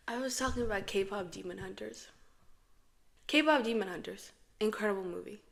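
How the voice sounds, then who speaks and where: In a casual chat vlog, a young Moroccan woman speaks dramatically to camera and to herself in a creaky, medium-pitched voice at a moderate pace. Echoey reverb from an echo setting is heavy on the audio.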